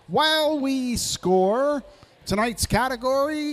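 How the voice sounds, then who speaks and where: A man's voice: sits high, very animated, measured pace, soft background music. A man hosting a live pub trivia night, reading out answers with jokey asides.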